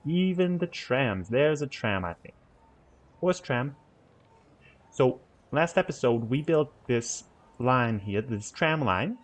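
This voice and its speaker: A man's voice: mid-range voice, expressive, takes it slowly. Chill guy streaming a city game, jokey, messing with accents. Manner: playful, mimicking accents. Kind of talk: casual chat.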